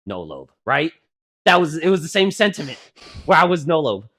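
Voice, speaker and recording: With a fairly high pitch, normal speed, and a breathy edge, a man in his twenties co-hosts a podcast. He chats casually, telling wandering, profane, animated stories crowded with fillers.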